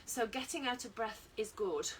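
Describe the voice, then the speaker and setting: British woman, fitness instructor, chatty, encouraging, fairly high voice, distant mic. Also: normal speed, slight background noise. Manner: chatty, encouraging, self-deprecating. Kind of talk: online exercise class instruction.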